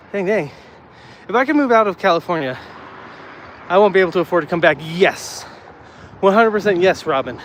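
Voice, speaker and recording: A man's voice: sits high, fairly bright tone. A man chatting casually with live viewers while walking outdoors, a little out of breath, rambling and getting worked up. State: slightly out of breath from walking uphill. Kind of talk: casual live walk-and-talk. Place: outdoors on city streets. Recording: faint street noise outdoors.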